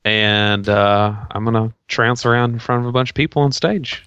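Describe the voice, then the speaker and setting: A man's voice: mid-range voice, normal speed, a bit bright, clear, resonant tone, no echo, lo-fi sound. A man co-hosting a casual podcast, trading dry, joking banter. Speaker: podcast co-host.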